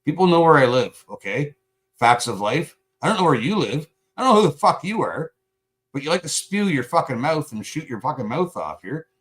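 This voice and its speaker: A man's voice: fairly high pitch, sing-song, fairly quick, a bit bright. A man hosting a live stream, angrily and profanely confronting a chat commenter, sarcastic and combative. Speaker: livestream host.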